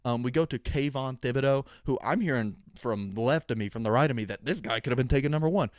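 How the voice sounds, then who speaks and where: A man's voice: medium pitch, fast talker, no room sound, studio quality. A young man hosting a sports podcast, talking casually with sarcastic, opinionated jokes. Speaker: podcast host.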